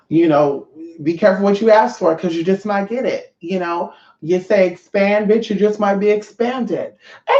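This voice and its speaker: A livestream host from California, talking casually with viewers in a profane, animated rant. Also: medium pitch, a little slow. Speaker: livestream host running online classes. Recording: roomy, dull lo-fi sound.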